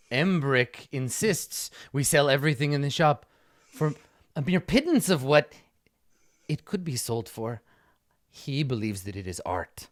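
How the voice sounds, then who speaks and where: A man putting on a flirtatious male character, theatrical and flowery, grumbling about his lot in a tabletop game. The voice sits at a middling pitch. It is recorded close and dry. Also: no echo.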